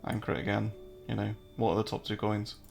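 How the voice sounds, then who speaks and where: A man's voice: on the low side, completely flat delivery, fast talker, creaky, over music. An English man hosting a casual live-stream, joking, answering viewer chat and walking through trading charts. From England.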